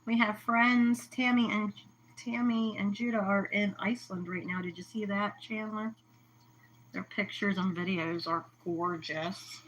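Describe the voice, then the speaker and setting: Woman chatting on a fish tank stream, bright voice, bit of room noise, trails off a lot. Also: mid-range voice, fairly even intonation, unhurried, rough recording. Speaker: co-host of an aquarium livestream. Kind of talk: casual chat.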